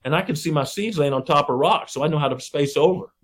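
Middle-aged man, folksy interview guest, animated storyteller who acts out the people he quotes. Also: a little high, fast. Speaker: podcast guest, wildlife researcher.

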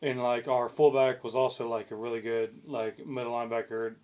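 A man's voice: mid-range voice, flat delivery, brisk, a little mellow. A young man co-hosting a casual podcast, telling stories in a rambling way, full of fillers, restarts and swearing. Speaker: podcast co-host. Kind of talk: casual chat.

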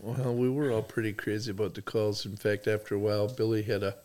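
A man's voice: fairly low pitch, flat delivery, quick pace, a little mellow. A middle-aged man from Michigan, a podcast guest, telling folksy rambling stories with lots of fillers. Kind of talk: casual storytelling chat.

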